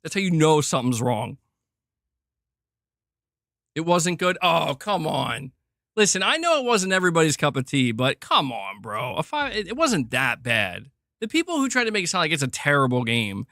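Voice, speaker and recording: A man hosting a livestream, ranting in a heated, animated way and swearing freely while reading chat. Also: a little high, moderate pace, dry recording, clean studio sound. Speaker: streamer host. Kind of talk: casual livestream rant.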